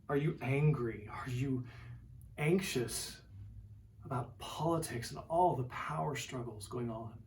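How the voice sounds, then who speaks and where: A male preacher delivering a sermon at a slow, measured pace, his voice at an ordinary middle pitch. He stacks rhetorical questions one after another and sinks to a hushed whisper for quoted refrains. The voice sits a little way back from the microphone. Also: recorded from a distance, slight background noise. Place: church.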